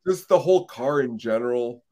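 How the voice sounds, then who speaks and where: A man co-hosting a live film podcast, agreeable and a little halting in casual chat. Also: mid-range voice, animated, dark tone. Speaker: podcast co-host.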